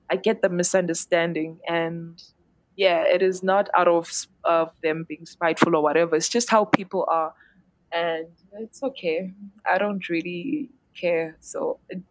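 A woman's voice: on the low side, no room sound. A woman singer and songwriter from South Africa's Eastern Cape, chatting frankly in an interview and laughing often at her own blunt humor. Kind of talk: casual interview chat.

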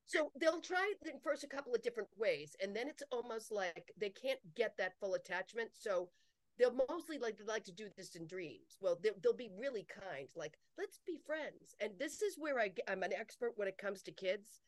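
A woman speaks in a relaxed interview chat, her voice sitting at a middle pitch. She presses her points by repeating short phrases and slips into quoted voices. The sound is dry and close, with no room around it. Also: normal speed, no echo. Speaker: psychic medium guest.

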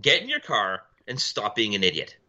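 A man's voice: wildly swooping pitch, moderate pace. A man co-hosting a podcast, telling stories in blunt, profane casual chat and mimicking people he argued with. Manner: blunt, profane storytelling, mimics people in loud high voices. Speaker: podcast co-host. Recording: dull lo-fi audio.

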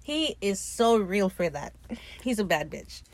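Podcast host, woman, mid-pitched voice, slangy and profane episode recap, dry close sound. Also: very animated, measured pace, no echo. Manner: slangy, profane, retells scenes by acting out lines.

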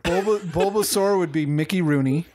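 A man's voice: a little high, moderate pace, darkish tone, a little hiss or hum. A man in a casual group chat, drawing out his picks with laughing asides.

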